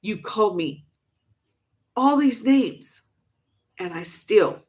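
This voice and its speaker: A woman's voice: mid-range voice, lively intonation, extremely slow, long pauses. Upset woman venting emphatically. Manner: emphatic, repeats herself for stress. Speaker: vlogger. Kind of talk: emotional venting to camera.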